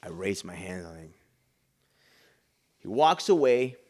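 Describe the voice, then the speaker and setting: A man from Chicago, a pastor and business owner, telling a personal story on a podcast with animated delivery, hushed whispered asides, and frequent "man". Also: low-pitched, unhurried. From Chicago, USA.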